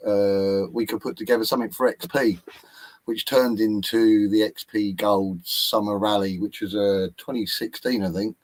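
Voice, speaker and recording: A British man from England, a guest on a remote call, telling the story of his events in a friendly, relaxed way. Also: on the low side, poor audio. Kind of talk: interview answers.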